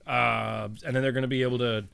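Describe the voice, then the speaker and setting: A man's voice: medium pitch, quick pace, creaky, clear, resonant tone. A man cohosting a podcast, chatting in a loose, swearing way. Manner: profane, animated. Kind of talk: casual banter.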